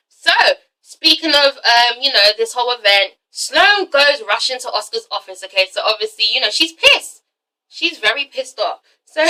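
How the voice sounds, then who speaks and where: A woman reviewing a TV episode in casual chat, animated and profane, acting out scenes as she recaps them. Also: high-pitched, distant mic, rough recording. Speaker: TV show reviewer.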